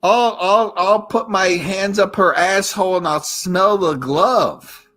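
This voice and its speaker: A man's voice: high-pitched, slow, fairly bright tone, faint music behind. A man hosting a live stream in casual chat, rambling crudely and repeating himself.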